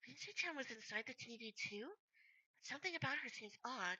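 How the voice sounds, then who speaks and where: A woman streamer reading a game's story text aloud in a let's-play, expressive and animated. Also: fairly high pitch, brisk, breathy edge, no echo, rough recording. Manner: expressive, breaks into laughter.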